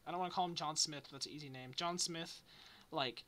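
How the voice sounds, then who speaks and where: A man's voice: fairly high pitch, quick pace, a bit bright. A young man hosting a casual podcast chat, rambling and retelling stories with lots of filler words. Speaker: podcast host.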